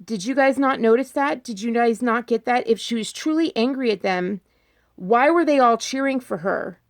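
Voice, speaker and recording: A woman vlogger talking in casual commentary, repeating her points and firing off rhetorical questions, her pitch jumping up when she gets emphatic. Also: moderate pace. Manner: insistent, repeats herself, fires rhetorical questions.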